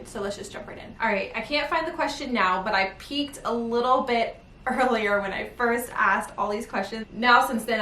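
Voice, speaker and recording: A woman's voice: fairly high pitch, pushed and bright. A young woman talks casually to her viewers as she folds laundry at home, wandering from thought to thought and laughing between sentences. She sits back from the camera mic, so her voice carries a roomy echo, with a faint hum of the room behind her. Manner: chatty, rambling, laughs mid-sentence. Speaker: vlogger. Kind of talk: casual chat while folding laundry. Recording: roomy home recording from a distance.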